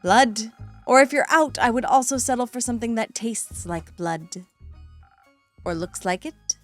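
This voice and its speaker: A woman's voice: fairly high pitch, measured pace, dry recording, soft background music, natural voice. A woman reading the lines of a cheeky, blood-loving male vampire knight from a game, with a sly, teasing delivery. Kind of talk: reading game dialogue aloud.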